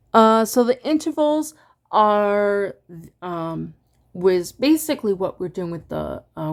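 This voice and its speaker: A woman teaching an online music lesson in a relaxed, halting way, stopping now and then to sing solfege syllables. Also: on the low side, creaky. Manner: relaxed and halting, many ums, sings solfege syllables to demonstrate.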